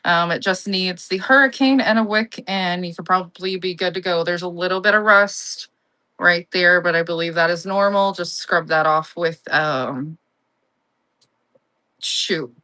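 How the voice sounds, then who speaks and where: Chatty woman host for a live online sale, bright and gushing, telling rambling stories between lots. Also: on the low side, measured pace. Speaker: live online auction seller. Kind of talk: casual live-selling chat.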